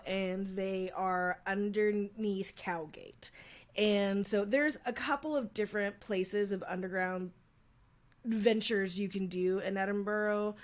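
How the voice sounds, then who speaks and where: A woman co-hosting a casual podcast, rambling through a story with plenty of ums and likes. Her pitch sits in the middle range for a woman. She tells it in a loose, chatty way. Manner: chatty storytelling, frequent fillers. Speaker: podcast co-host. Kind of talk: casual chat.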